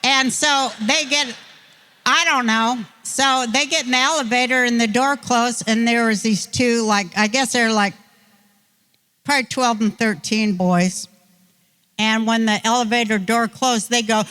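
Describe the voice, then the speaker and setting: Older woman, interview guest: slow drawl, bright sharp voice, meandering folksy anecdotes. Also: fairly high pitch, fairly even intonation, clear, resonant tone. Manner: drawn-out, folksy, self-mocking. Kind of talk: rambling anecdotal storytelling.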